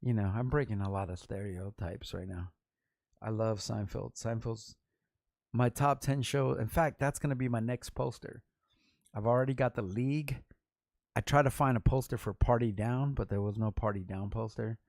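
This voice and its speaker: A middle-aged man from Los Angeles hosts his own vlog, rambling through profane stories with quick asides. His voice has a rough, gravelly fry. The sound is dry and close. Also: mid-range voice, fairly even intonation, a little mellow, no echo. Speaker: vlog host and rapper. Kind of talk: casual storytelling to camera.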